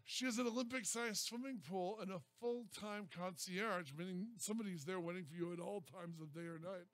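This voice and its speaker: A man's voice: high voice, a little fast, a bit bright. A man co-hosting a radio show, telling stories and teasing the others in casual banter. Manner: storytelling, sarcastic, teasing. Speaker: radio co-host.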